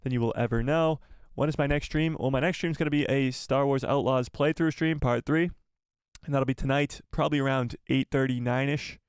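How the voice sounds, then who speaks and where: A man's voice: mid-range voice, steady tone, fairly quick, clear, resonant tone, no room sound, studio quality. A man hosting a casual live stream, upbeat and rambling, often repeating himself as he chats to viewers. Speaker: YouTube live stream host.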